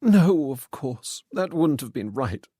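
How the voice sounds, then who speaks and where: A man's voice: medium pitch, big pitch swings, slow, mellow, husky, no room sound, clean studio sound, exaggerated voice. A man voicing a middle-aged widowed society lady who speaks hesitantly and mournfully, in a storybook reading. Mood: anxious, sorrowful.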